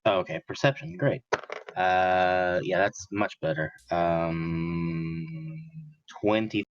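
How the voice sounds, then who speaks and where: A man's voice: low voice, slow, clean tone, highs cut off. A man talking as a player in a tabletop game, laid back as he explains his character's moves. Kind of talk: casual tabletop play.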